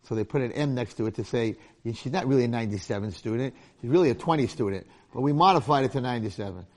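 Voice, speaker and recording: A middle-aged man speaks fast in a mid-range voice; he's a rabbi and longtime teacher giving a casual Torah lecture. His storytelling features jokes and acted-out voices for each figure.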